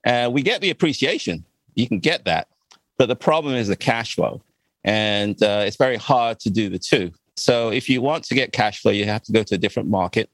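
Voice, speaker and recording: A man's voice: lowish voice, lively intonation, brisk, fairly bright tone, no room sound, poor audio. An older man from Ghana, a real estate investor chatting as a podcast guest, laughing easily. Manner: good-humored, laughs easily. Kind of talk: casual podcast interview.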